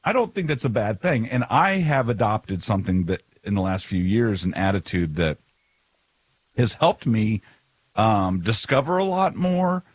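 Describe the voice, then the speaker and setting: Man, husky low voice, rambling casual chat, dry close sound. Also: lively intonation, measured pace, dry recording. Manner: rambling, restarts sentences. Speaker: podcast co-host.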